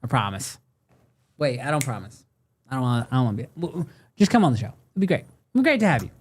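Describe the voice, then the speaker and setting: A man's voice: mid-range voice, big pitch swings, quick pace. Playful man hosting a livestream. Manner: playful, laughing, reads chat aloud. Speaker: podcast host. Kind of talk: casual livestream banter.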